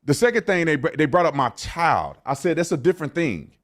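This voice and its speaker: A man explains his own point of view over clips, insistent and repeating himself. His voice is fairly high for a man and moves in a lively, animated way. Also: a little fast. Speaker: commentator answering critics. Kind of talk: explanatory commentary.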